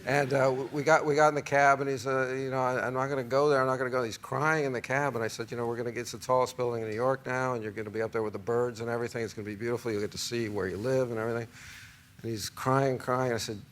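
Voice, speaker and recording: A man's voice: medium pitch, fairly even intonation, fast, a bit bright, a little hiss or hum. A man in his forties, a talk show guest, telling a long anecdote in a rambling way, with many fillers and restarts. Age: 40s.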